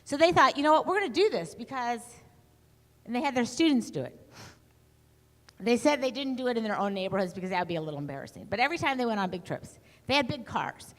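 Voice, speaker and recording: A middle-aged woman speaking to an audience in a lively storytelling talk, acting out the voices she quotes. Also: fairly high pitch, fast. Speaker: conference speaker. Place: conference hall. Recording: long hall reverb.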